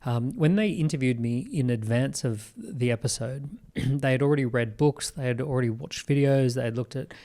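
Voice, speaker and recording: A man with an Australian accent, a guest on an interview podcast, telling business stories in an animated way with quick restarts and asides. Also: mid-range voice. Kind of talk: conversational interview.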